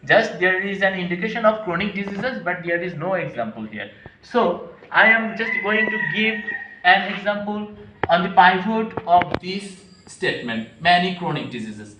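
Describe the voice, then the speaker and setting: A man's voice: high-pitched, expressive, background noise. Hesitant male teacher in an echoey room. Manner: hesitant, many pauses and repeated phrases; addresses listeners fondly as students. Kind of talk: classroom grammar lecture. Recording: echoey room, mic at a distance.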